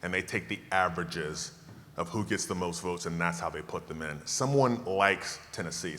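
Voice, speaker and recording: A man in his fifties from Tallahassee gives a keynote at a dinner, fielding questions in an emphatic, self-assured way with jokes. His voice sits low but comes across bright and forceful. The sound carries the long reverb of a banquet hall. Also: slight background noise. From Tallahassee, Florida. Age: 50s. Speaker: keynote speaker. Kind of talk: relaxed Q&A talk to a dinner audience.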